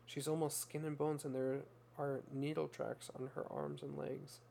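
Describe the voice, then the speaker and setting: A man's voice: on the high side, little pitch movement, moderate pace, gravelly, dark tone, a little hiss or hum. A man voicing a compassionate woman who recounts caring for someone in a tender voice heavy with emotion.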